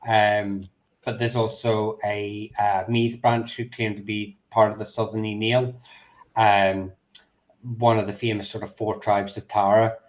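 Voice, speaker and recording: A man from Northern Ireland with an Ulster accent softened by English elocution lessons, chatting casually about history with frequent ums and restarts. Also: lowish voice, level tone, unhurried. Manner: hesitant, lots of ums and restarts.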